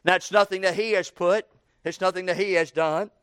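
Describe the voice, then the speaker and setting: High-voiced preacher, smooth and dry. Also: male voice, fairly even intonation, moderate pace, dry recording. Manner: folksy preaching, repeats "tonight", rising to shouted rhetorical questions. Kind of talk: evening sermon.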